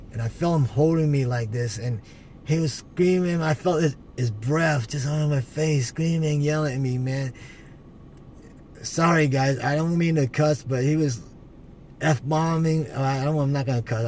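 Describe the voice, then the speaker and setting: A man telling an emotional personal testimony to his viewers, earnest and halting, with many restarts and a repeated "man". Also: medium pitch, a little mellow, slight background noise. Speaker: vlogger sharing a personal testimony.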